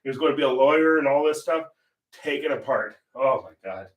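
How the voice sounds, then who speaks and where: A man's voice: mid-range voice, expressive, fairly quick, distant mic. An older man hosting a painting livestream, telling stories in casual chat and laughing often. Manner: chatty storyteller, laughs often. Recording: roomy echo.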